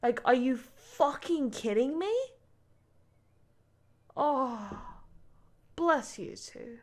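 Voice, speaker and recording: A woman's voice: high voice, animated, drawn-out words, a little mellow. A young woman reacting live to an anime, emotional and casual, swearing often and saying "like" a lot. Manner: emotional, swearing, frequent "like" fillers.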